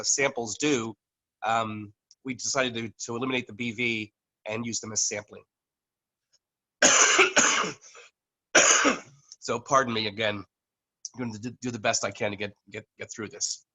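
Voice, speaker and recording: Guy on a video call mic, bright voice, lots of ums and restarts, a bit of an allergy cough. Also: mid-range voice, low-quality recording. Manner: halting, with many fillers and restarts. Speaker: network marketing leader presenting to a team. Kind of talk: online business meeting presentation. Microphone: computer microphone on a video call.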